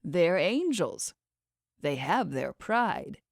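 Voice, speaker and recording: A woman voicing a smooth, condescending male schemer who talks others into his plans. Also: lowish voice, big pitch swings, drawn-out words, no echo, studio quality, heavily acted. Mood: persuasive. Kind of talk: audiobook character voice.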